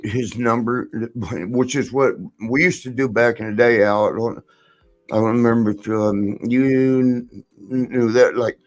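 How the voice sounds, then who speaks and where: An older man hosting a casual podcast, spinning loose, meandering stories and laughing between lines. He talks at an everyday pitch and acts out what other people said. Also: steady tone, a little slow. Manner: laughs often, rambling anecdotes with quoted voices. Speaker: podcast host. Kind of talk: casual storytelling chat.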